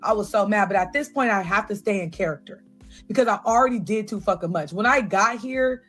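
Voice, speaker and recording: A young woman telling a personal story in a casual, blunt and profane way, with lively asides to her viewers. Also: medium pitch, brisk, faint music behind.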